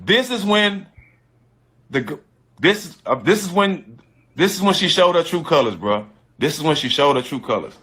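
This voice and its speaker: A man's voice: on the high side, big pitch swings, moderate pace, long pauses, a bit bright, slightly rough. A man telling a personal story in casual slang, emphatic and repetitive, often restarting his sentences. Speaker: storyteller guest.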